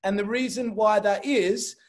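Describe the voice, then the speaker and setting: High-voiced joking man hosting. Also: steady tone, measured pace. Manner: chatty and joking, rambling with fillers. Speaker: host. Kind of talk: casual livestream hosting.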